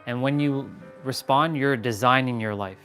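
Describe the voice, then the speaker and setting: A man's voice: medium pitch, normal speed, a bit bright, soft background music. Blunt, emphatic man, swearing freely. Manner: talks while walking on a step count. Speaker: live stream host. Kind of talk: casual motivational live stream talk.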